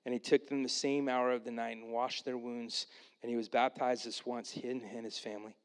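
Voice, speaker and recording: A male pastor delivering a sermon at a middle pitch. He tells the story with energy and sometimes puts on voices for the people in it. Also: fairly quick, clean tone. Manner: animated, acts out the Bible characters in voices.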